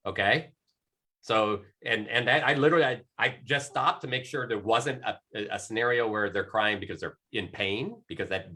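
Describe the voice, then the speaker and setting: Middle-aged male coach, low-pitched and forceful, loose rambling delivery. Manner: rambling, many restarts and fillers. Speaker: coach on a panel. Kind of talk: casual panel discussion.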